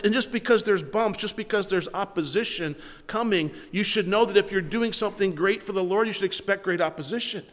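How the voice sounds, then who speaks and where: Man, pastor, sermon, conversational, frequent restarts, high voice, long reverb. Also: a bit bright.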